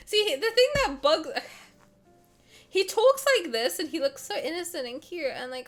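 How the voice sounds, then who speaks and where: A young woman streaming, reading a game aloud and reacting with excited, swearing banter. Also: high voice, normal speed, faint music behind.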